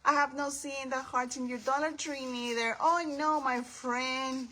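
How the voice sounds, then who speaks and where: A woman hosting a casual craft livestream from her home craft table, chatting warmly with viewers by name and calling them her friends. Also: high-pitched, fairly even intonation, measured pace, slight background noise, rough recording.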